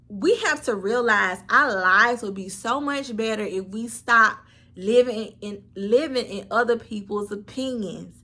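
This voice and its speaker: A woman's voice: mid-range voice, pushed and bright. A woman, telling a candid storytime vlog and talking straight to her viewers with earnest, preachy advice. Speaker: vlogger.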